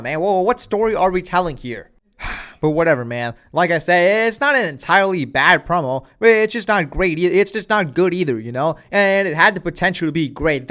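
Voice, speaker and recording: A man's voice: on the high side, fairly bright tone. A man giving casual wrestling commentary, rambling with lots of filler phrases.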